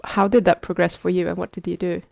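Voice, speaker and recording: Woman host with a bit of vocal fry, dry close sound, curious, long winding questions. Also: on the low side, flat delivery, quick pace, a little mellow, no room sound. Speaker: podcast host. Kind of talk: casual interview chat.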